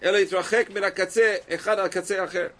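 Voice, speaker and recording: Male Torah teacher, rapid delivery, poses rhetorical questions to students. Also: high-pitched, fairly even intonation, sharp tone. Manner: reads Hebrew texts aloud then translates and explains; asks rhetorical questions to the class. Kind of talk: Torah class.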